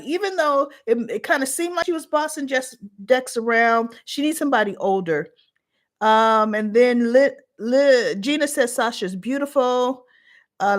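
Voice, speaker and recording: A middle-aged woman hosting her channel in a casual chat, reading viewer comments aloud and reacting to each. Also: a little high.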